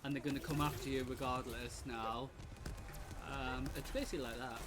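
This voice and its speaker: A British woman commenting on a live game stream, excitable, often shrieking and laughing. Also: very deep voice, moderate pace, heavy background noise.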